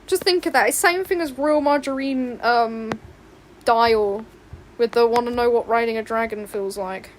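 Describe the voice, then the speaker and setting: A young woman chatting on a livestream while she draws, excitable and rambling, often squealing and laughing. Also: a little high, moderate pace, slight background noise. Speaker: livestreaming artist. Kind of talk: casual stream chat while drawing. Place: home room with open window.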